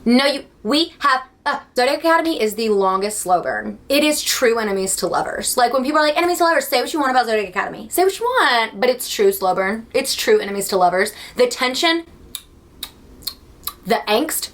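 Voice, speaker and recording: A young woman talks to her camera from home with a slightly high voice. She gushes and rants in an animated, dramatic way. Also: normal speed. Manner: gushing, dramatic, animated outbursts. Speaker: book vlogger. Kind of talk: casual chat to camera.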